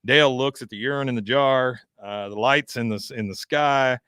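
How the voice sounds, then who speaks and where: A man's voice: medium pitch, normal speed, a bit bright, clean tone, dry recording, studio quality. A man co-hosting a live podcast, retelling a cartoon episode and acting out the characters' lines in raised voices. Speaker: podcast co-host. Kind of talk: casual chat, retelling an episode.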